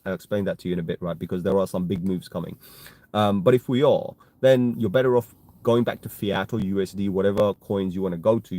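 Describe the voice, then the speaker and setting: A man's voice: fairly low pitch, mellow. A man hosting a casual crypto live stream, chatty and talking straight to his viewers, often tagging his points with "right?". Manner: chatty, tags statements with "right?"; addresses viewers as "guys".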